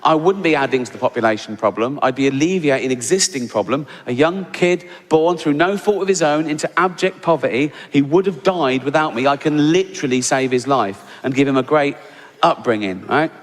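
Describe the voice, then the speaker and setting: Captured in a large hall with heavy background noise, this stand-up routine comes from a man with a fairly high voice who talks fairly quickly. He performs live, sarcastic and foul-mouthed, feigning exasperation.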